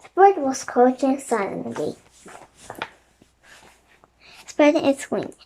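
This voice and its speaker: A woman narrating a children's chapter book in a steady, clear storytelling voice. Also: sits high, normal speed, slight background noise.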